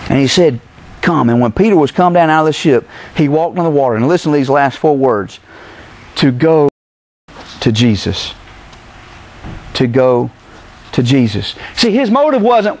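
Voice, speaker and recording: A middle-aged man preaching a sermon as pastor, animated, acting out the voices he quotes. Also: medium pitch, moderate pace, pauses often, no room sound.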